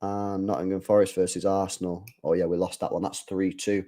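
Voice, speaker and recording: A deep-voiced man hosts a live football watch-along, talking fairly quickly with few pauses. He chats casually in slang, reads out chat, and breaks into excited outbursts when the play gets intense.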